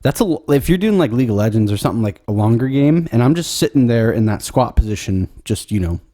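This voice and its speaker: A man's voice: mid-range voice, lively intonation, fast talker, dark tone, no echo, studio quality. A man co-hosting a casual podcast chat, easygoing and hesitant, with lots of fillers. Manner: laid-back, hesitant with many fillers. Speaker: podcast co-host and musician. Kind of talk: casual chat between friends.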